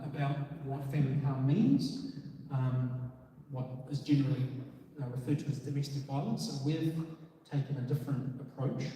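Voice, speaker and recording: A man's voice: mid-range voice, warm tone, distant mic, slight background noise. Earnest New man in an echoey hall. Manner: earnest, filler-heavy, with frequent ums. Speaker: police officer speaking at a community session. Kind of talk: community presentation.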